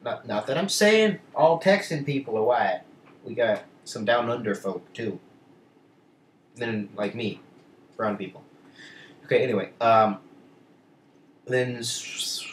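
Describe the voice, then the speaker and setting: A man's voice: mid-range voice, unhurried, pauses often, slight background noise. A teenage boy vlogging casually, rambling through a story with many restarts and asides. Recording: echoey room, mic at a distance.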